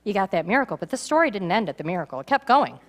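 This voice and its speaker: A woman pastor preaching a sermon in a church, animated and acting out the voices of a story. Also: medium pitch, racing. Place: church sanctuary. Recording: reverberant church hall.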